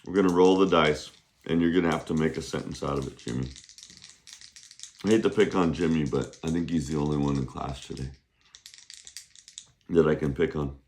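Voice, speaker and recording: A male Chinese teacher running a playful classroom lesson, humming little tunes between steps and drilling words slowly. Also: extremely low pitch, fairly even intonation, a little mellow, slight background noise. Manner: slow, drawn-out pronunciation drills.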